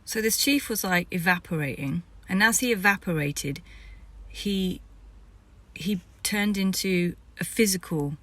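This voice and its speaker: A woman's voice: fairly low pitch, measured pace, a bit bright. A woman, a spiritual vlogger, telling the story of a vision in a rambling way that sometimes drops to a whisper.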